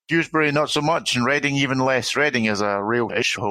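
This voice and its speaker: Bright-voiced dry co-host. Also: male voice, mid-range voice, steady tone, a little fast, no echo, rough recording. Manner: dry wit, stumbles and repeats words. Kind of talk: casual sports podcast chat.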